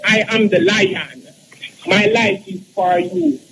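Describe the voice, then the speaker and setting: A Jamaican man in his thirties reciting his own poem slowly, with earnest, chanting repetition. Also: high-pitched, big pitch swings, vocal fry, crowd noise, rough recording. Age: 30s. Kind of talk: slow spoken-word poetry.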